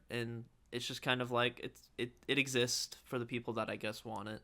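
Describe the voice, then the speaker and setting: A man's voice: medium pitch, normal speed, hardly any pauses. A young man co-hosting a podcast in casual chat, laughing often and acting out quotes as he tells stories. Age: young adult. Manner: laughs often, animated storytelling with acted-out quotes. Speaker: podcast co-host.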